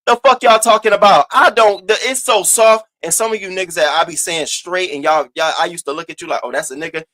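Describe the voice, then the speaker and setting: A man hosting a casual gossip commentary, animated and profane, swinging between loud outbursts and low asides. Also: no room sound. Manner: sassy, drawn-out emphasis. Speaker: host of a commentary channel.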